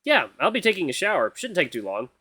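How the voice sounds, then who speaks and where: A man's voice: fairly high pitch, sing-song, fast talker, bright, forceful tone, husky, no room sound, pitched above the performer's own voice, heavily acted. A man voicing an easygoing young male hero who talks in a casual, friendly way.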